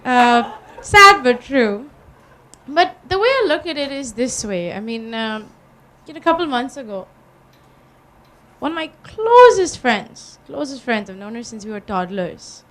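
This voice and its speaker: A businesswoman with an Indian accent, speaking on a panel and telling lively anecdotes with frequent laughter. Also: on the high side, a little slow. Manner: animated storytelling, laughs often.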